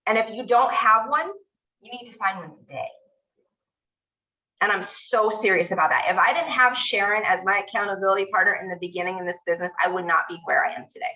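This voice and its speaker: A woman's voice: medium pitch, fast talker, bright, forceful tone. A woman leading a motivational team video call, emphatic and gushing, repeating herself for stress. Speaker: team leader hosting a mentor call. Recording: distant, dull lo-fi video call audio.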